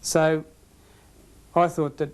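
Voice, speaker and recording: A man's voice: on the high side, little pitch movement, takes it slowly, smooth. A man with an Australian accent, a former football umpire, telling anecdotes in an interview and laughing at his own stories.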